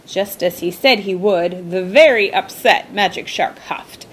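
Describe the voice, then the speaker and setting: A woman reading a children's storybook aloud with slow, emphatic, expressive delivery. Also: mid-range voice, slightly rough.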